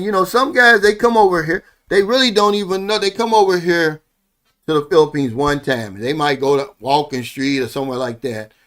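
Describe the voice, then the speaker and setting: In a rambling, casual vlog monologue addressed to his viewers, a middle-aged man living abroad sounds sincere and heartfelt. Many of his phrases end with "man," and his notably high voice is a bit bright.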